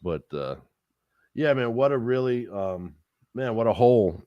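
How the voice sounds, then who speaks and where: With a mid-range voice and measured pace, a podcast co-host swears his way through a long, casual story, animatedly acting out what the other people said. The audio is dull, though there's no room sound.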